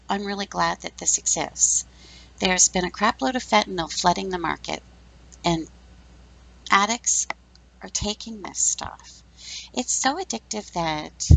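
A woman's voice: mid-range voice, gravelly, bright, forceful tone, low-quality recording. A woman in her fifties hosting a podcast, giving blunt, sarcastic opinions in a casual, chatty monologue. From Canada. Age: 50s. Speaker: podcast host.

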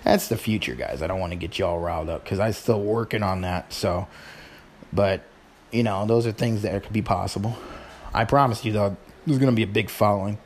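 A man's voice: on the low side, fairly quick, slight background noise. A middle-aged man hosting his show in casual chat, rambling informally with sighs and restarts. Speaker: podcast host.

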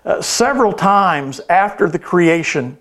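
A man's voice: high-pitched, animated, measured pace, a bit bright. A male pastor preaching a sermon, telling a story earnestly with hesitant restarts.

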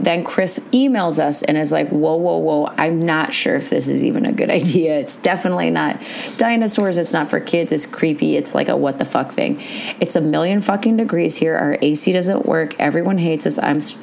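A woman's voice: low voice, gravelly, a little mellow, slight background noise. A woman co-hosting a podcast, chatting casually, swearing freely and telling stories with big jumps in emphasis. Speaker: podcast co-host. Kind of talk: casual chat.

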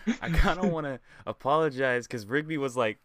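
A man's voice: mid-range voice, a little fast, a bit bright. A man co-hosting a casual chat who laughs along constantly and teases his friend. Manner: giggly, laughs along, teasing. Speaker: co-host.

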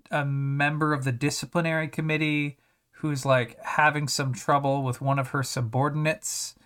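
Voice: mid-range voice, fairly bright tone. An anime reviewer talking casually, rambling with many restarts and sarcastic asides.

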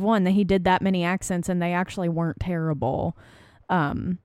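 A woman's voice: fairly low pitch, fairly even intonation, brisk, a little mellow, clean tone, dry recording, studio quality. A woman, co-hosting a podcast in casual chat, gushing and emphatic. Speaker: podcast co-host. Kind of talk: casual chat about a film.

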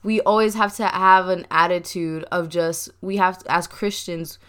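A young woman's bright, crisp voice sits a little low in pitch as she hosts a loose, talkative chat. She laughs easily and keeps addressing listeners as y'all. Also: steady tone, normal speed. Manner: chatty, laughing often, says y'all. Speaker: podcast host. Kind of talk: casual chat.

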